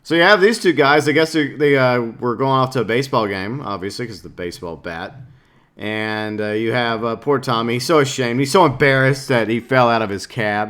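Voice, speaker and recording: A man's voice: mid-range voice, brisk, a bit bright. A man, a gaming YouTuber, casually breaking down a game trailer with jokes and lots of filler words. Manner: rambling, joking, lots of fillers.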